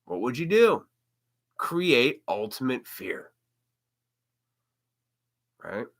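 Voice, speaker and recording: A man's voice: mid-range voice, big pitch swings, very slow. A man hosting a live stream, talking bluntly and with plenty of profanity in a ranting monologue.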